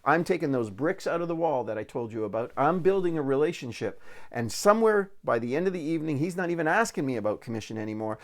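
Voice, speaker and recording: A man's voice: on the high side, lively intonation, fast talker. A man giving a recorded real estate sales training talk, telling folksy stories and repeating words as he restarts.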